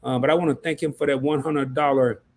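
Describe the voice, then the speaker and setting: A man's voice: mid-range voice, steady tone, quick pace. A man hosting a live stream, chatting loosely in slang and reading out viewer messages. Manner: loose slangy talk, reads out chat messages. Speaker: livestream host. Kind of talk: casual livestream chat.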